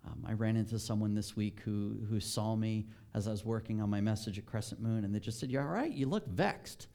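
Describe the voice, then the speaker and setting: Male pastor, sermon delivery, mellow tone, animated and conversational, climbs higher and louder on key points. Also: a little fast. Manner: animated, rising in pitch and volume when stressing a point.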